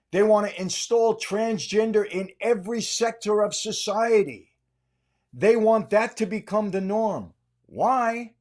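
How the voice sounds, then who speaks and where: A man's voice: sits high, a little mellow. An older American man hosting a podcast, delivering an angry, insulting political rant and repeating himself for emphasis. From United States. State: aggravated. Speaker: podcast host.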